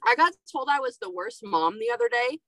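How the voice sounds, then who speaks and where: A woman's voice: on the high side, fairly quick, no echo, rough recording. A young adult woman hosting a podcast, telling candid stories about parenting in casual chat. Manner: animated storytelling, candid. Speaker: podcast host.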